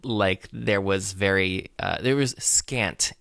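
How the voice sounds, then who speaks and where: Deep, bright-voiced male co-host. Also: gravelly, no room sound, studio quality. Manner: halting, self-deprecating, many restarts. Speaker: podcast co-host. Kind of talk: casual tech podcast chat.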